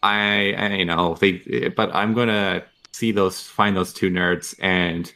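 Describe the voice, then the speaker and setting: A man playing a tabletop game, talking in a halting way full of fillers. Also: deep voice, steady tone, bright, forceful tone. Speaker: player. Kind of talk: casual tabletop play.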